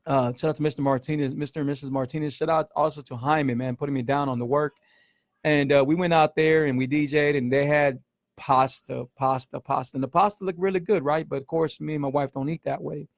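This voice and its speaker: A man's voice: a little high, fairly even intonation, fairly quick, no echo, clean studio sound. A middle-aged man, hosting a casual livestream as a keto coach, emphatic and repetitive, peppering his talk with man and y'all. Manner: emphatic, repeats himself, says man and y'all often. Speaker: keto coach and show host.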